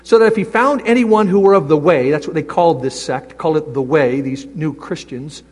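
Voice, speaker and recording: A male pastor preaching a sermon, animated, acting out little voices and reading scripture aloud. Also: on the high side, fairly quick. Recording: long reverb of a large hall.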